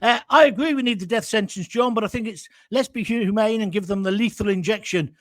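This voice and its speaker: A man's voice: high voice, brisk, a bit bright. An older man, hosting a live reaction show from his home and ranting bluntly, with plenty of swearing. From England. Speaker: host.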